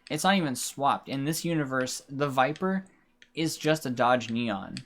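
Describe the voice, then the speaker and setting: A man's voice: mid-range voice, lively intonation, a little slow, fairly bright tone, slight background noise. Rambling man streaming a racing game. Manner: rambling, self-deprecating, swears at the game. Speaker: livestreamer. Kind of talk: casual gameplay commentary.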